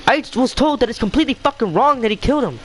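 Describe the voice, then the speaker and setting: A man's voice: very high-pitched, animated, fast, slight background noise, poor audio. A young man venting in a heated, swearing rant as a vlogger, repeating himself as he talks. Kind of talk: angry rant to camera.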